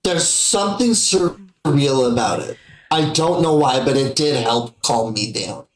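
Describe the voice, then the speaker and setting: A man banters wryly on a podcast, and his pitch swoops up and down a lot. He sounds set back in a roomy space with audible echo around his voice. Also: expressive, unhurried. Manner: wry, teasing banter. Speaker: podcast co-host. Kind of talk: casual chat.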